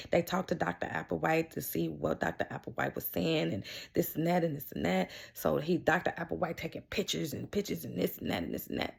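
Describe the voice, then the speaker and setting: This is a woman with a low, deeply gravelly voice and a husky, breathy edge. She tells a personal story in a heartfelt vlog, often repeating herself and restarting sentences as she goes. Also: brisk. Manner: repeats herself and restarts lines while recounting events. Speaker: vlogger sharing a personal medical story.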